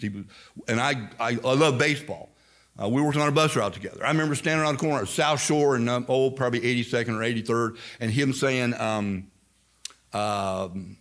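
An older man preaching a sermon as pastor, telling stories with emphatic, repeated phrases. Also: medium pitch. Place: church sanctuary.

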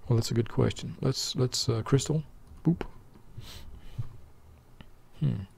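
An older man narrates gameplay slowly and lazily, his voice gravelly and dark. He mutters to himself, drawls and trades quips with an imagined buddy, as if trying to lull listeners to sleep. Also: mid-range voice. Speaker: let's play host. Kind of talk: slow gameplay commentary for falling asleep.

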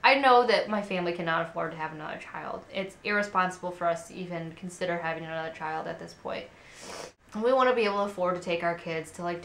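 A woman's voice: on the low side, fairly bright tone. A woman in her twenties chatting casually to camera at home as a vlogger, candid and rambling with many fillers. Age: 20s. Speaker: parenting vlogger. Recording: roomy echo.

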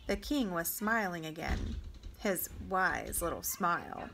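A woman reading a novel aloud for a homeschool class, narrating in an even, measured way. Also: on the low side, creaky.

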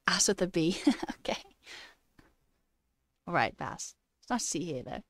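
A woman's voice: fairly low pitch, expressive, normal speed, fairly bright tone, no room sound, clean studio sound. A woman chatting casually on a live stream, playfully putting on a mock British accent and laughing often as she reads chat aloud. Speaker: livestreamer and new software engineer.

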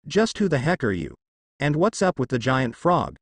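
A man reading the lines of a brash, loud teenage ninja boy in a fan fiction, with a lively, dry delivery. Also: medium pitch, normal speed, husky, no room sound. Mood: surprised. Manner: shouting, defiant.

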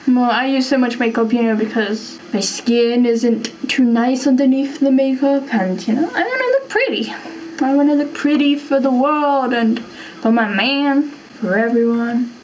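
A young British woman talks to camera in a loose, rambling way, padding her answers with plenty of "you know". Her voice sits a little high. A faint hiss lies under the recording. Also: poor audio. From Britain. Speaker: vlogger. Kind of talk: casual chat answering questions to camera. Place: at home.

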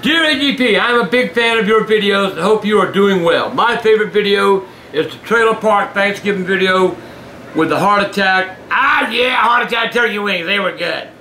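An older man hosting a show, reading fan mail aloud in casual chat, gruff and given to shouting and cursing. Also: high voice, moderate pace. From Southern US. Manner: gruff, shouts and curses in bursts. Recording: echoey room with faint noise.

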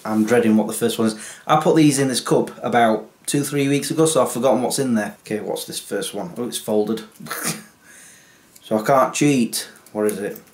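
A man's voice: medium pitch, moderate pace. Chatty man vlogging. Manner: self-deprecating, chatty. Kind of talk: casual comedy vlog.

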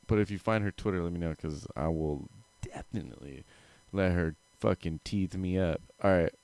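A man's voice: low voice, moderate pace, vocal fry, a little mellow, no room sound. A man hosting a livestream call-in show, talking crudely and insulting callers in a brash, rambling way. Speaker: livestream host taking callers. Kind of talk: crude profane call-in chat. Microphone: headphones on.

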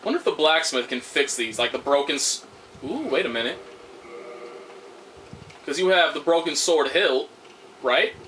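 A man commentating on his own gameplay, swearing loudly at the game and making sarcastic remarks. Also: on the high side, lively intonation, normal speed, pauses often, a little hiss or hum. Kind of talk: let's play commentary.

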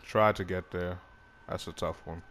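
Male gaming creator, low voice, loose excitable play-by-play with swearing. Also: moderate pace, a little hiss or hum. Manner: excitable, swears, laughs at himself. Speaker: gaming YouTuber. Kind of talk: casual gameplay commentary.

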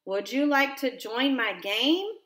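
A friendly little lion cub from a storybook, lonely and eager for playmates, as a woman reading aloud puts him on. He asks his questions slowly and hopefully in a voice pitched a bit high. A roomy echo surrounds the voice. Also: lively intonation, a bit bright, exaggerated voice.

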